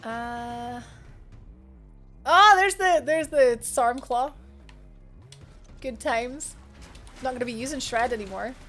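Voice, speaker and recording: High-voiced chatty woman streamer. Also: steady tone, slow pace, pauses often, a little mellow, soft background music. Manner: chatty, thinks aloud, laughs and gasps often. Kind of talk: live gameplay commentary chatting with viewers.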